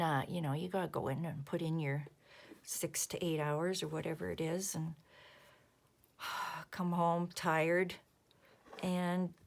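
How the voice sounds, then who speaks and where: A woman in her fifties chatting casually while she crafts, rambling softly and muttering asides to herself. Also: fairly low pitch, gravelly. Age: 50s. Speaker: crafting vlogger.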